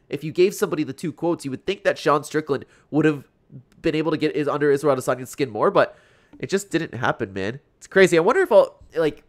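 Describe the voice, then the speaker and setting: A young man talking through fight clips in a loose, casual reaction style. His voice sits a little high, and he laughs easily, stringing thoughts together with "like" and "man". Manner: chatty, laughs often, lots of "like". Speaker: YouTube MMA commentator.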